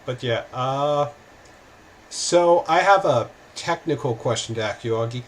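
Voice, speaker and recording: An easygoing man chats on a livestream at an ordinary middle pitch, with a self-deprecating manner. Faint background noise sits under his voice. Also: a little slow. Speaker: show guest. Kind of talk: casual livestream chat.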